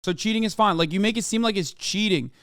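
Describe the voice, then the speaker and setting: Heated, profane man with a high voice. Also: fast talker, fairly bright tone, smooth, dry recording, clean studio sound. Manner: mocking and combative toward chat. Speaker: streamer and political commentator. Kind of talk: live-stream political commentary.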